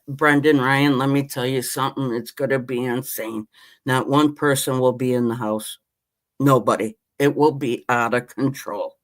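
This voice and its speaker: A man, ranting passionately about his team as a podcast host in casual chat. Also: mid-range voice. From Western New York. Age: 50s. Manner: impassioned, rambling sports-fan rant.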